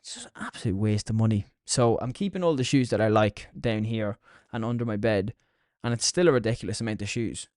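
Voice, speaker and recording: A man's voice: fairly low pitch, brisk, darkish tone, no room sound, studio quality. Sweary young Irish man chatting. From Ireland. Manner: sweary, mocking. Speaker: podcast host. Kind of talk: casual solo podcast chat.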